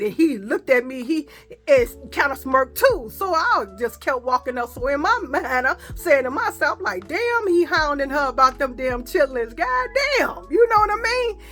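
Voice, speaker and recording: A woman vlogger telling a story in a lively, slangy, profane casual style. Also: high-pitched, normal speed.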